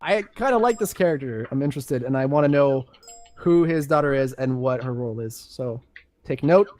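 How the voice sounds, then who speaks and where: A man's voice: medium pitch, animated, fairly quick, darkish tone, no room sound, faint music behind. A young man reading game lore aloud on voice chat, breaking off for chatty, self-mocking asides. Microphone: headset on voice chat.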